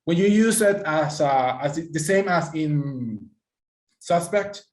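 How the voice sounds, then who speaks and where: A man's voice: on the high side, expressive, slow, darkish tone. A man teaching an online pronunciation class, encouraging students and praising them by name, with slightly non-native phrasing. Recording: echoey room.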